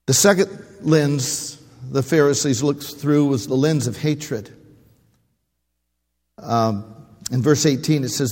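A man preaching a sermon, calling out for amens and rising to shouts at its peaks. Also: fairly high pitch, big-room sound. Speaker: pastor.

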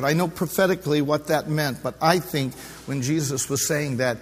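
A middle-aged male pastor preaching a sermon, impassioned, rising to loud emphatic peaks and dropping to hushed low passages. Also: normal speed, breathy edge. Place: church sanctuary during a service. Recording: long reverb of a large church hall.

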